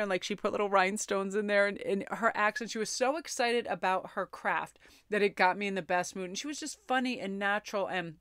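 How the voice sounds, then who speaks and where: A woman's voice: medium pitch, fairly quick, a bit bright, dry recording. Bubbly chatty woman, dry close sound. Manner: bubbly, gushing, talks with many fillers. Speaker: tarot reader. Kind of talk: chatty personal vlog.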